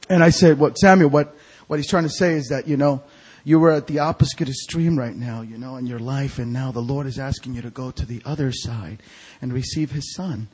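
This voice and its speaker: A husky man with a fairly high voice preaches in a church sanctuary. He tells his story in an animated way, dropping to near a whisper and then rising, and he acts out the voices of the people in it. He sounds like an evangelist carried along by his own tale. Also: brisk. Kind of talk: storytelling sermon.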